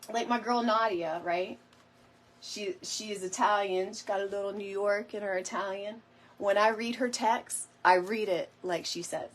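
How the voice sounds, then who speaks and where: A middle-aged woman hosting a live crafting stream in a chatty, rambling way, talking to viewers while she works and fighting off a lingering cough. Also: mid-range voice. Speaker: DIY crafting host.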